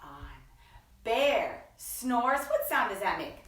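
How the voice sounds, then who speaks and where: A woman hosting a children's story time, reading slowly in a playful sing-song and stretching out her words. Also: medium pitch, sing-song, far from the mic. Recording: echoey room, voice from off-mic.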